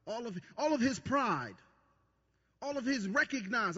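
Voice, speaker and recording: A man's voice: high voice, expressive, moderate pace, sharp tone, slightly rough. A man preaching a sermon as pastor, with emphatic repetition and stammered restarts. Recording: long reverb, dull lo-fi sound.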